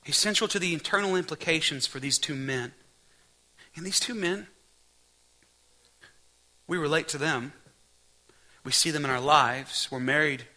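This is a man preaching a sermon in a high voice with a piercing brightness. He drives his points home by repeating key phrases, and he moves between scripture reading and prayer. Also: moderate pace, pauses often, low-quality recording. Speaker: pastor.

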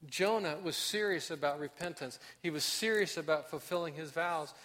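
A man delivers a sermon with real conviction, voicing prayers as if speaking them himself. His voice sits high and rings bright. On key points he slows right down and softens. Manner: impassioned preaching, acts out prayers, drops to soft emphasis. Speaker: pastor.

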